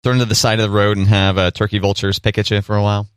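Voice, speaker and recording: A man's voice: lowish voice, level tone, very fast, clean tone, no room sound, studio quality. A man in his thirties co-hosting a podcast, teasing dryly and laughing often in casual chat. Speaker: podcast co-host.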